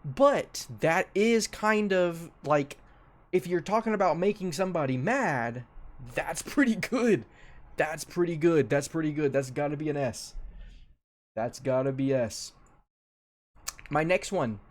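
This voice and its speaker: A man's voice: fairly high pitch, normal speed. A young man giving casual commentary as a streamer ranking a tier list, offhand and loose, often repeating his own phrases.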